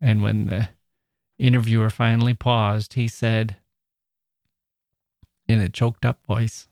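A man's voice: lowish voice, flat delivery, slow pace, darkish tone, no room sound, studio quality. A man hosting a literature podcast, talking in a chatty, playful way and quoting people with a lifted voice. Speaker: podcast host. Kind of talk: casual monologue.

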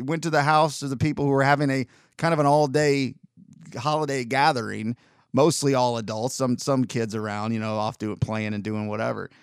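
A man's voice: on the high side, clean tone, no echo, studio quality. A man telling a long personal story as a podcast host, rambling and correcting himself as he goes. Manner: rambling, self-correcting, profane when retelling. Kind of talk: casual storytelling monologue.

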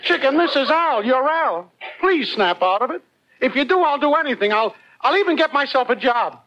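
An actor playing a lazy, work-shy, wisecracking boyfriend in a 1940s radio comedy. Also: male voice, extremely high pitch, very animated, moderate pace, highs cut off. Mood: sly. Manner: wisecracking, sly. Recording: scratchy old radio recording.

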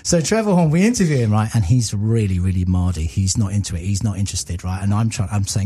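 A man's voice: on the low side, lively intonation, quick pace, few pauses, mellow, breathy edge. An English man, a guest composer, chatting casually and enthusiastically in rambling, self-deprecating stories. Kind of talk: casual podcast chat, storytelling.

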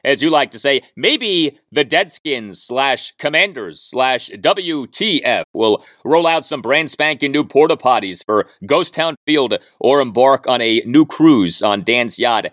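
Casting: male sports podcast host, 40s, animated delivery, dry close-miked sound. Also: medium pitch, dry recording. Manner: brisk, reading listener emails with dry jokes. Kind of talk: sports talk podcast monologue.

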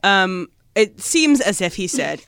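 A man hosting a sports talk show, telling stories briskly and passing the turn to his co-hosts. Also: sits high, big pitch swings, vocal fry, bright, forceful tone, clean tone, no echo, clean studio sound. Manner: brisk, storytelling, hands turns to co-hosts. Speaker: sports radio host leading segments.

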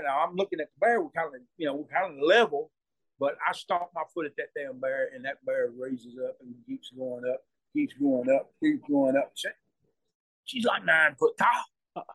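Laughing and repeating himself, a man with a voice on the high side rambles through a casual story as a storyteller guest. He acts out quoted voices loudly, and the audio carries no room sound.

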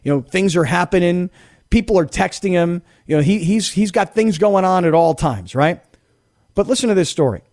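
A man hosting sports talk radio, telling stories in an animated, chatty way. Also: high voice. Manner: animated, storytelling, mock voices.

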